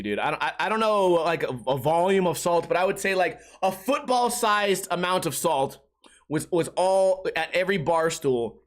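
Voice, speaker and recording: A man's voice: a little high, a bit bright. A young man hosting a podcast, telling a rambling casual story, acting out quotes and laughing often. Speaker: podcast host.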